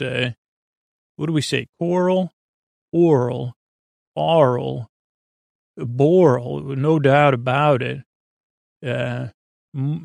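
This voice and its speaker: A man hosting a sleep podcast, rambling in a slow, meandering way full of fillers and restarts. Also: mid-range voice, creaky, no echo, studio quality. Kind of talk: rambling bedtime podcast chat.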